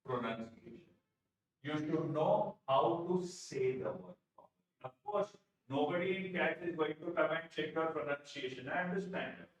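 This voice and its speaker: Echoey Indian English teacher lecturing. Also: male voice, a little high, normal speed. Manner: emphatic, repeats key phrases, asks and answers his own questions. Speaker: vocabulary teacher. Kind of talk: live online exam-prep lecture. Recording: very echoey room, distant from mic.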